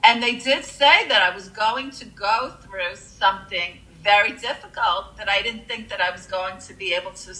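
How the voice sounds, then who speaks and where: A woman's voice: medium pitch, normal speed, few pauses, sharp tone, low-quality recording. A woman earnestly telling a personal near-death story, with frequent fillers.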